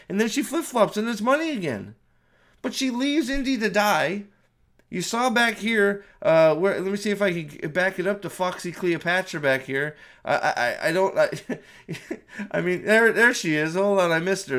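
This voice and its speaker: A high-voiced man rants through a spoiler movie review, swearing freely and tripping over his own restarts. He talks from home in an exasperated, incredulous way. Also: fairly bright tone. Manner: profane, exasperated ranting with many restarts.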